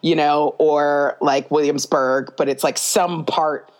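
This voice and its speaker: A woman guest on a podcast, chatting casually in a rambling, animated way and laughing often. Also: sits low, slow pace. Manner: rambling asides with many fillers. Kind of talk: casual conversation.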